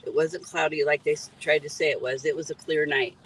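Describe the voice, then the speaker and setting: A woman's voice: deep voice, fairly even intonation, brisk, a bit bright, slightly rough, poor audio. A middle-aged woman, an EMT and grieving mother, earnestly recounting details and pointing out spots from a parked car by the road. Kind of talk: emotional first-person account at a roadside.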